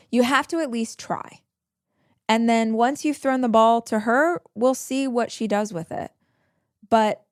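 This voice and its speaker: A woman's voice: mid-range voice, no echo, clean studio sound. A woman hosting a podcast and giving advice in an earnest, emphatic way. She often repeats her key phrases. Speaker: podcast host. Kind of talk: advice monologue.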